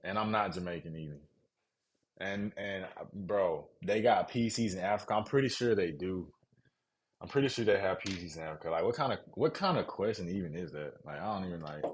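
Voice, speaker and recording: A man's voice: low-pitched, expressive, moderate pace, slight background noise. Laid-back Southern man streaming a build. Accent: Southern US, Mississippi. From Mississippi, US South. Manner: laid-back slangy talk, reads chat aloud. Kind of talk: casual live-stream chat to viewers.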